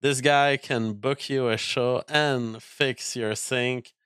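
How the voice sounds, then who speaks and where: A man's voice: medium pitch, fairly even intonation, slow pace, fairly bright tone, clean tone, no room sound, clean studio sound. A man streaming, reacting to clips with profane rants. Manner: ranting, profane.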